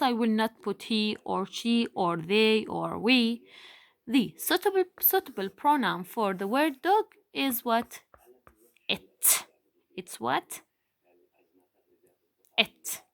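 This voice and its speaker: A young woman teacher giving a patient, deliberate lesson to young children, stretching out key words for emphasis. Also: on the high side, dry recording. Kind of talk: slow, deliberate classroom explanation.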